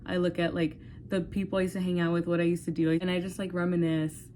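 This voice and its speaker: A woman's voice: lowish voice, little pitch movement, fast talker, warm tone, a little hiss or hum. Candid young woman rambling with swears. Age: 20s. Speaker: vlogger. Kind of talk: casual talk to camera.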